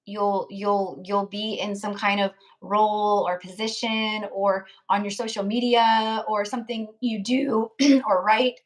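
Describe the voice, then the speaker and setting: A woman hosting a tarot live stream, chatting casually with her viewers and reading out their names, her voice going hoarse. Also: medium pitch, steady tone, unhurried. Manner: chatty, reads out chat names, frequent "like" and laughs.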